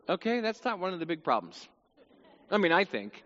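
High-voiced guy preaching in an echoey hall, reads verses with drama then chats, dull audio. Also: sing-song, brisk, fairly bright tone. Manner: conversational preaching with dramatic scripture reading. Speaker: pastor. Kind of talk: sermon.

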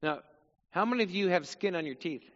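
A man's voice: sits high, animated, a little fast, in a large hall, muffled recording. A male pastor preaching a sermon, reading scripture dramatically and chatting casually between passages.

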